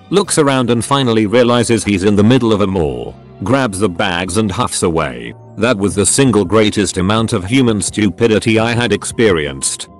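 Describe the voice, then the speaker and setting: Low-voiced man reading stories aloud. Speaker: narrator. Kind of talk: scripted narration of online stories.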